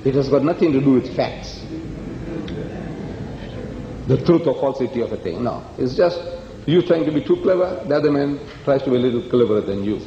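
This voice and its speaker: In an echoey hall, captured on a dull old recording with a little hiss or hum, this lecturer on comparative religion delivers a public talk full of emphatic stories and acted-out dialogue. His medium-pitched, dark-toned voice has lively intonation, runs a little fast, and pauses often.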